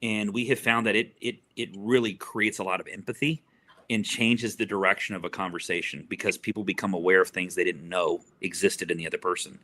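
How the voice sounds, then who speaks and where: A middle-aged man with a bright, forceful voice, speaking as a therapist guest in an interview. He tells an earnest story and repeats words as he gropes for the right phrasing. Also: sits low, fairly even intonation, fairly quick. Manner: earnest, repeats words while searching for them.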